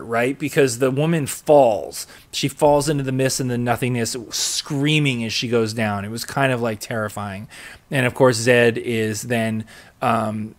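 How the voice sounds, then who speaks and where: Chatty man recapping a TV episode. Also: mid-range voice. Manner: chatty, many fillers, excitable. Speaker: podcast host.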